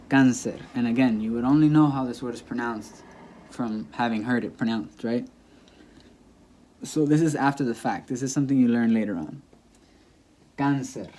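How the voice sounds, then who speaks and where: A man teaching a language lesson in a patient, repetitive way, saying example words aloud several times so the stress is clear. His voice is mellow and dark, at a middle pitch for a man. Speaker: Spanish teacher. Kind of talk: classroom-style lesson explaining grammar.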